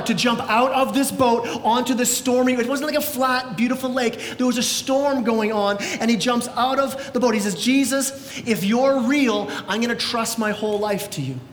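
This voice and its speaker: A man preaching a sermon as pastor, telling the story in a lively way and acting out voices, sometimes shouting. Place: church sanctuary. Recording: echoey church hall with faint rumble.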